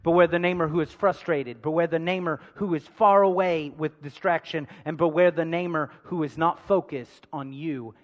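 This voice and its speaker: A man preaching a sermon, calling out to the congregation for responses and swinging between loud emphasis and hushed asides. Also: fairly high pitch, fairly even intonation, moderate pace, hardly any pauses, dull audio. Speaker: pastor. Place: large church hall. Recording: long hall reverb.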